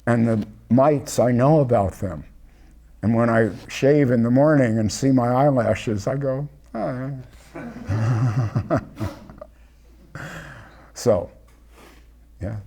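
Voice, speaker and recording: An older man speaks with a dark, mellow tone. He talks candidly and without hurry. He comes across as a reflective host on a video call. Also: medium pitch. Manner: candid, unhurried, speaks of his pain openly. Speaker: host of a group gathering. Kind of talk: reflective personal talk.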